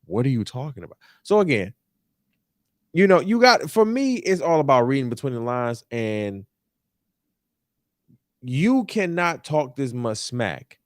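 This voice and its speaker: A man's voice: medium pitch, big pitch swings, unhurried, pauses often, no room sound, clean studio sound. A young man hosting a sports talk show, ranting in an emphatic, repetitive, exasperated way. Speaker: podcast host. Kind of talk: animated sports talk rant. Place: New York.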